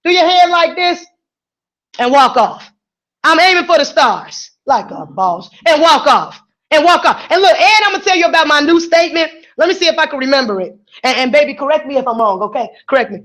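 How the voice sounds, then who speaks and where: High-pitched american lady on the radio, goofy and preachy, all motivational energy. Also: brisk. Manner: energetic, playful, preachy and encouraging. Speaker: radio show host.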